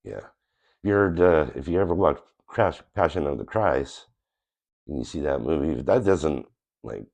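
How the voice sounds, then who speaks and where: Very deep gravelly man, nasal from a cold. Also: expressive, normal speed, darkish tone. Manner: earnest, plain-spoken, rambling with restarts. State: recovering from a cold. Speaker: channel host. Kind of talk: casual personal testimony to camera.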